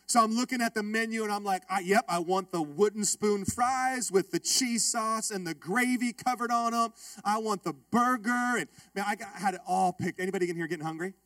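Male pastor, high voice, dry close sound, joking sermon, talks to the crowd. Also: fairly quick, few pauses, no room sound. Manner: lively, joking with the congregation, calls out to listeners. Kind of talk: humorous sermon story. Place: church.

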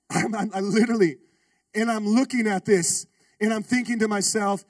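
Male pastor, storytelling sermon, lively and funny, high voice, dry off-mic sound. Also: fast, no echo, far from the mic. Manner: animated, humorous, calls out to the congregation.

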